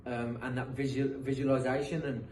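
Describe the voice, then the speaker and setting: A man's voice: mid-range voice, flat delivery, brisk, a little mellow, distant mic. Rambling British man in an echoey room. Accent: British English, mixed with some American. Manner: rambling, repeats himself, frequent um and uh. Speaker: guest, professional footballer. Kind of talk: casual podcast storytelling. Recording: echoey room, mic set back, faint noise.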